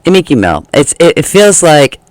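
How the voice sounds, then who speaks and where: A man's voice: on the high side, sing-song, moderate pace, no echo. A man giving a casual tarot reading, chatty and laughing often, acting out the feelings he describes. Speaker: tarot reader.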